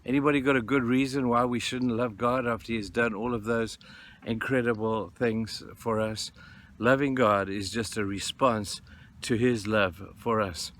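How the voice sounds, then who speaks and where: A man delivers a sermon at an ordinary pitch, earnest and pleading, leaning on repetition to drive points home. A light background hiss sits beneath his voice. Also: steady tone, moderate pace, a bit bright. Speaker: pastor.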